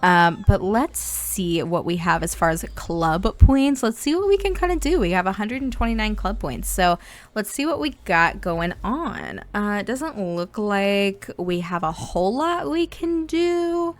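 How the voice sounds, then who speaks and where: A woman from Indiana giving bubbly, excitable, casual commentary on a life-sim game as the channel's host. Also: mid-range voice, unhurried.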